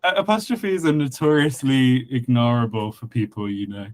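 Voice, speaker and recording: A man chatting casually on a podcast, explaining a constructed language, with many fillers and a patient, halting delivery. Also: medium pitch, no echo, low-quality recording. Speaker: conlang creator guest and co-host. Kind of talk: casual podcast chat about linguistics.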